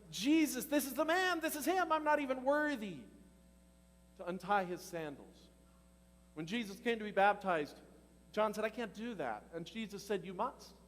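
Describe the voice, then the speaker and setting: A male pastor preaching a sermon in a lively, conversational way, asking the congregation questions and laughing as he goes. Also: high-pitched, in a large hall. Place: church hall.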